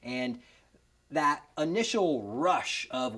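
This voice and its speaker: A man telling a personal story on stage, animated and self-mocking, with lots of chatty asides. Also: high-pitched, moderate pace. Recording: live audience laughter audible.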